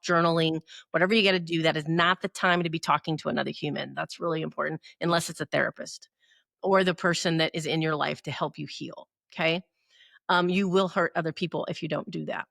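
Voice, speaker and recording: A woman's voice: lowish voice, creaky, a bit bright, no room sound, clean studio sound. A middle-aged woman co-hosting a podcast, giving earnest motivational advice and often checking in with "right?". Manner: earnest, frequent "right?" tag questions. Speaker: podcast co-host.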